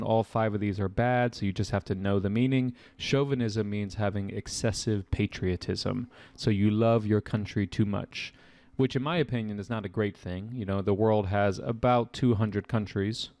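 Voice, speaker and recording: A young man explaining vocabulary answers as a test-prep tutor, chatty and casual with quick asides. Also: on the low side, steady tone, a little mellow, no room sound.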